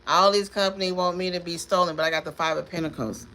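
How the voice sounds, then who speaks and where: A woman's voice: fairly low pitch, fairly even intonation, quick pace, sharp tone. A woman reads tarot in a loose, rambling live stream. She talks emphatically, repeats single words again and again, and laughs often. Faint noise hums behind her. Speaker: tarot reader.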